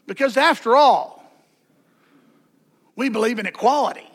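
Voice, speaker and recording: A man's voice: very high-pitched, measured pace, a bit bright. A man preaching a sermon as pastor, conversational, with joking asides and repeated words.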